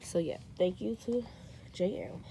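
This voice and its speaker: Young woman, book vlogger, lowish voice, talky and excitable, faint room hum. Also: unhurried, gravelly. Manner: chatty, excitable, says "like" and "y'all". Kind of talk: casual vlog chat to camera.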